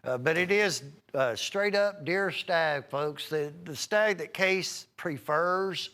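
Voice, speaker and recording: A man's voice: on the high side, slow, bright, forceful tone. A man hosting a live home shopping broadcast, chatting in a folksy, rambling way while reeling off prices and item numbers. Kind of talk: live televised sales pitch.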